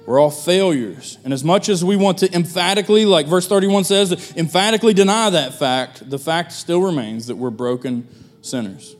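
A man preaching a sermon as pastor, relaxed and conversational, with folksy asides. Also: a little high, normal speed.

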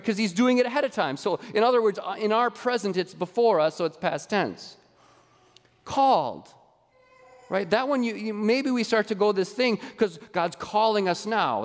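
A man preaching a sermon as pastor, lively and conversational, drawing the congregation into a call-and-response exercise. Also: high-pitched, in a large hall. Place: church sanctuary.

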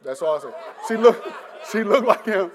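A man's voice: sits high, a faint crowd, a little hiss or hum. Middle-aged male preacher telling his testimony. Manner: animated storyteller who acts out his past self, often laughing; halting, with frequent restarts and repeated words. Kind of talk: personal testimony sermon.

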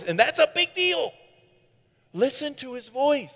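A man preaching a sermon in an animated way, with sarcastic asides, swinging from loud to hushed. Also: very high-pitched, unhurried, creaky, long pauses, in a large hall.

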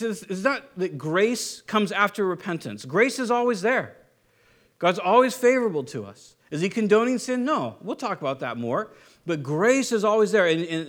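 A man preaching a sermon in a conversational way, asking his listeners rhetorical questions and swinging from animated to quiet and low. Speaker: pastor.

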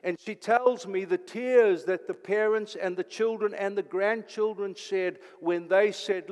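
A high-voiced older man delivers an impassioned sermon from the pulpit. He swings between loud, urgent declarations and hushed, almost whispered phrases. His voice carries a long reverb from the church hall. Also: unhurried, few pauses. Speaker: pastor.

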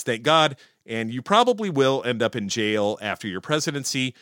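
A male podcast host rants in a loose, worked-up monologue, swearing freely and dripping with sarcasm. His pitch swings all over the place as he talks. The sound is close and dry, with no room around it. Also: expressive, normal speed, hardly any pauses, fairly bright tone, dry recording. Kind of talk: casual ranting monologue.

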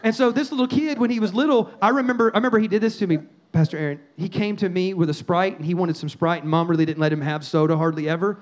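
A middle-aged man preaching a sermon as pastor, animated and punchy, with quoted asides and repeated phrases. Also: sits high, fast talker, hardly any pauses.

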